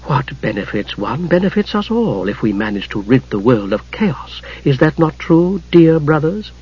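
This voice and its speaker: A scheming dark goddess , as a male audiobook reader puts her on, speaks low and hushed with silky mockery. The voice is husky. The recording sounds muffled and lo-fi. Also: very animated, normal speed, full character voice. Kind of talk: audiobook character reading.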